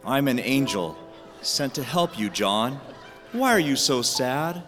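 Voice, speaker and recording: Clarence, a man playing a gentle angel. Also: medium pitch, expressive, slow pace. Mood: earnest. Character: gentle male guardian angel. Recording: live stage reverb with music.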